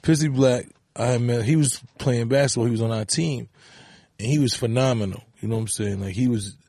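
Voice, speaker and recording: A man's voice: medium pitch, a little fast, mellow, breathy edge, no room sound, clean studio sound. A man, a guest telling stories in laid-back street slang in casual interview chat. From the Bronx, New York. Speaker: guest, rapper.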